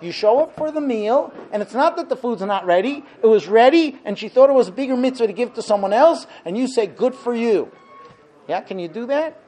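A man giving a Torah lecture, animated, with rhetorical questions and acted-out dialogue. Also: very high-pitched, fairly quick, hardly any pauses, low-quality recording.

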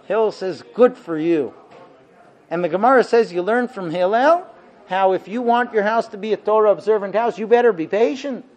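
High-voiced man giving an animated Torah talk. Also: a little fast, rough recording. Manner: animated, acts out quoted dialogue, rhetorical questions. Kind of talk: Torah lecture.

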